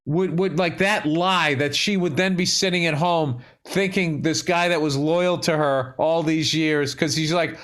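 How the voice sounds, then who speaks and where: Podcast co-host, man in his fifties, Boston accent, blunt and profane, voice sits a touch high. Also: fairly even intonation, unhurried, few pauses, a bit bright. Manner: blunt, profane, dry humor. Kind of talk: casual chat.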